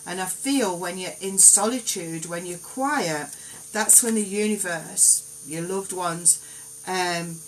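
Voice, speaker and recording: A woman giving gentle, reassuring card readings on a live stream, in an unhurried, meandering way. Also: lowish voice, a little hiss or hum, rough recording. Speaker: psychic card reader.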